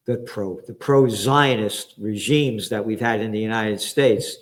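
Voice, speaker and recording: A man from the Bronx, hosting a profane, combative current-affairs commentary. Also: medium pitch. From the Bronx, New York. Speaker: trends forecaster and show host.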